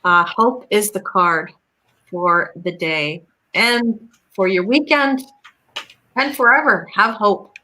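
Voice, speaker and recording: Canadian woman, mid-pitched and bright, warm upbeat tarot co-host. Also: slow pace, low-quality recording. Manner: upbeat, encouraging. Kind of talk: casual chat and card reading.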